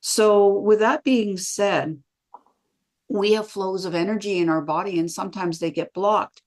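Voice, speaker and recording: A middle-aged woman chats as a guest on an interview podcast. Her storytelling is lively, and she slips into the voices of people she quotes. Her pitch sits in an ordinary middle range. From Canada. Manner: lively, acts out quoted dialogue. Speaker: podcast guest, bioenergetics practitioner.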